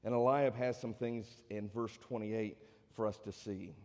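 A man's voice: lowish voice, fairly even intonation, normal speed, a little mellow. A male pastor preaching a sermon, often putting rhetorical questions to his congregation. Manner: preachy, asks the crowd many rhetorical questions. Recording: long hall reverb.

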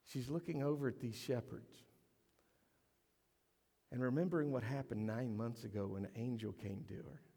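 A man preaching a sermon to his congregation, animated and storytelling, acting out voices in his stories. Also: mid-range voice, normal speed, pauses often, husky, in a large hall. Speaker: pastor. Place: church sanctuary.

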